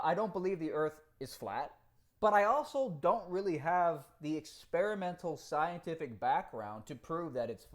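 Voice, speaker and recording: On a live stream, a Cuban man with a fairly high-pitched voice reads comments aloud. He talks in a lively, foul-mouthed way and laughs often.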